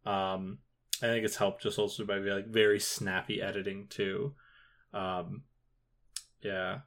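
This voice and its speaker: Man, low voice, gravelly fry, podcast co-host, hesitant casual chat. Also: level tone, a little slow, a bit bright. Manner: hesitant, filler-heavy, with sudden upward bursts.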